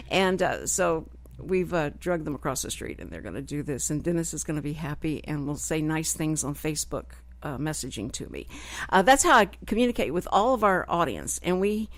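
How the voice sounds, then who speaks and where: A woman's voice: on the low side, animated, normal speed, no echo. Chatty Texan radio host woman. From Texas. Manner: chatty, rambling, self-deprecating. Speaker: radio talk show host. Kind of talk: casual chat. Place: radio studio.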